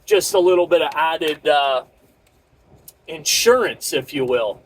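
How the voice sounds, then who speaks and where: A man's voice: a little high, unhurried, a little hiss or hum, poor audio. A middle-aged man, a truck driver, telling a frustrated, profane and rambling story about a bad day hauling freight. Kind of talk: casual ranting vlog.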